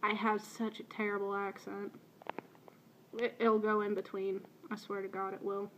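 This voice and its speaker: A video blogger from Baltimore, a woman in her early twenties, answers questions in a casual voice meme, tossing in self-deprecating asides. Her light Baltimore American accent drifts in and out, and her medium-pitched voice is delivered completely flat at normal speed. There's a little hiss or hum in the recording.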